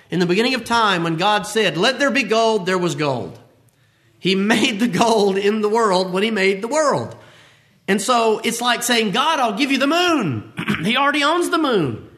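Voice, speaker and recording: A man's voice: high-pitched, sharp tone. A man preaching a sermon, emphatic and repetitive, with vivid personal asides. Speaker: pastor.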